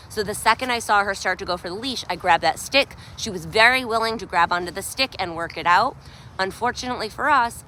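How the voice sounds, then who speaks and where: A woman dog trainer talking through a live outdoor training session, praising the dog in high excited bursts between her explanations. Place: outdoors by a sidewalk. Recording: faint outdoor noise, at times far from the camera.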